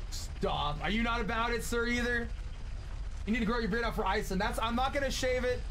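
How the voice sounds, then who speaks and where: Excitable, foul-mouthed young man streaming. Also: high-pitched. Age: late 20s. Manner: excitable and profane, swinging between loud outbursts and soft thanks. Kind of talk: casual live-stream chat while gaming.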